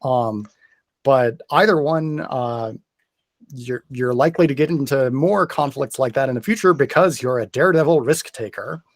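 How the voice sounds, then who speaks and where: A male game master explains rules carefully, hesitantly and methodically, at normal speed. His voice sits at a middle pitch for a man, and the sound is dry and close with no room sound.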